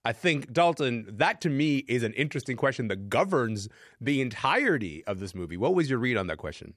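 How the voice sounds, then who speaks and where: A man's voice: mid-range voice, big pitch swings, brisk, a bit bright, no room sound. A man hosting a panel discussion on a radio show, asking probing questions. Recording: dry studio sound.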